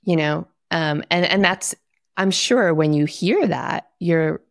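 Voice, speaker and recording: A woman with a very low, gravelly voice talks in an earnest, reflective way. She sometimes sinks to a near whisper. The sound is dry and close. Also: takes it slowly, no echo. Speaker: guest, wellness author. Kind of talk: casual conversation.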